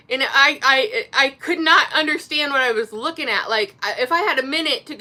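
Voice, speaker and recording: Woman, Indiana accent, bright voice, rambling casual vlog chat, lots of fillers. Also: on the high side. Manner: rambling, many fillers and restarts. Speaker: author and vlogger.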